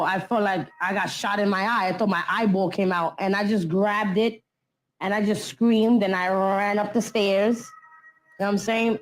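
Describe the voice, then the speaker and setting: A woman interviewed for a documentary casually recounts events in blunt, slangy street talk, acting out what other people said. Her voice is medium-pitched and the audio is poor.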